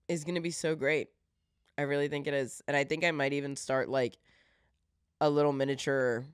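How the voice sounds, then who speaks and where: A woman's voice: rumbling low, smooth, no room sound, clean studio sound. A woman hosting her own podcast in a casual, earnest, heartfelt way, getting teary-eyed as she talks. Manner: earnest and heartfelt, with frequent fillers. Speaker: podcast host. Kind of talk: casual solo podcast talk.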